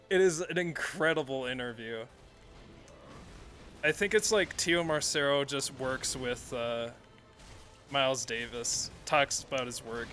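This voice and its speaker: A man's voice: on the high side, a bit bright. A man streaming a video game, chatting casually in a rambling, self-correcting way and swearing often. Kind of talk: casual live-stream commentary while playing.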